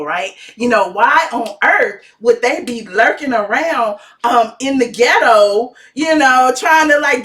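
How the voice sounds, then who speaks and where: A woman giving sassy, dramatic gossip commentary in a vlog, her voice swooping into high shouts. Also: recorded from a distance. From Atlanta, USA. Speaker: gossip vlogger.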